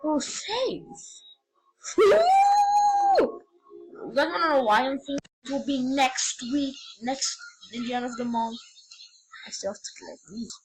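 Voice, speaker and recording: A woman giving casual, rambling game commentary, excitable and prone to sudden yelps and shouts. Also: sits high, normal speed, husky, rough recording. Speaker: gamer.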